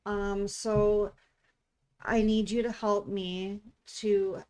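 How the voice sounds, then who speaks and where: Woman player, hesitant, halting, mid-pitched, casual. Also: little pitch movement, darkish tone. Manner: hesitant, filler-laden. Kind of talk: tabletop role-play chat.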